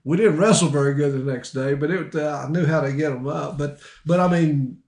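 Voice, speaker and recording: A man's voice: on the high side, brisk, a little mellow. A man hosting a podcast interview, chatty and laughing often as he leads his guest with questions. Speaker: podcast host. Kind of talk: casual interview chat. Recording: roomy echo.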